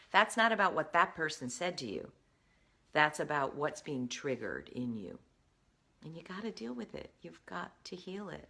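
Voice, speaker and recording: Low-voiced woman giving emphatic advice. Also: big pitch swings, moderate pace, creaky, sharp tone, breathy edge. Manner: earnest, emphatic, addresses viewer directly. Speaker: career coach. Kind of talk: direct-to-camera advice talk.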